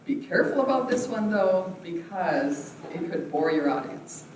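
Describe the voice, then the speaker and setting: A woman's voice: lowish voice, expressive, moderate pace, a little mellow, a little hiss or hum. A woman leading an acting workshop, teaching voice exercises, laughing often and acting out sounds. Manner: demonstrative, laughs often, acts out vocal exercises. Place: large echoey theatre room. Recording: echoey room from far off.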